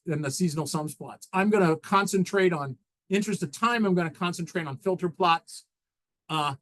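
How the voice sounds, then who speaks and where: A man talking through slides at a technical seminar. His voice sits a little high for a man. He speaks haltingly, restarting phrases and filling gaps with "uh" as he explains each step. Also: poor audio. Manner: halting, frequent restarts and fillers while walking through slides. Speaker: presenter.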